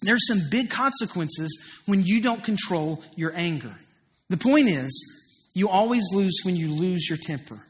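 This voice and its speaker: A man's voice: high voice, expressive, measured pace. A man in his thirties preaching a sermon as pastor, earnest and confessional, telling stories with rising emphasis. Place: church auditorium. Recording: preached in a large reverberant hall.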